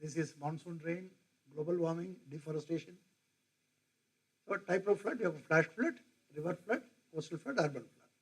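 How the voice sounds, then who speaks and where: A middle-aged man, a professor, lecturing in a halting way with many fillers and asides. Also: on the high side, breathy edge, low-quality recording.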